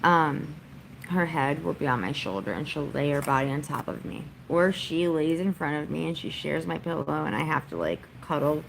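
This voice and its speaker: A woman's voice: low voice, moderate pace, gravelly, slight background noise, low-quality recording. A woman vlogger chatting casually on a livestream from her home during a storm, doting on her dog.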